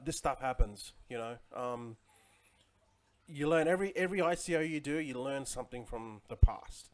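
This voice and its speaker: A man in his forties chatting casually on a livestream, rambling with lots of fillers and greeting viewers by name. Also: medium pitch. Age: 40s. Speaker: crypto livestream host. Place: home in Chiang Mai.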